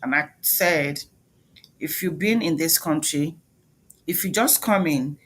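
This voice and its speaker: A woman's voice: sits low, slow pace, a bit bright, slight background noise. A woman with a Nigerian accent giving an emphatic motivational talk, questioning the audience directly. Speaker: speaker, doctor.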